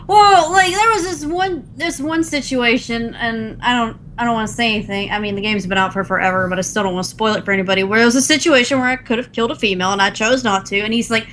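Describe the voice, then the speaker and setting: A woman's voice: a little high, quick pace, few pauses, a bit bright, a little hiss or hum, poor audio. A young woman co-hosting a casual gaming podcast, chatty and laughing often, acting out game characters' lines as she tells stories. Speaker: podcast co-host.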